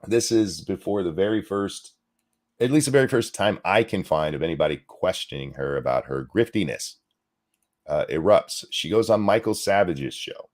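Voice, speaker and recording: A man hosting a ranting commentary show, profane and indignant, talking in fast bursts. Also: sits low, expressive.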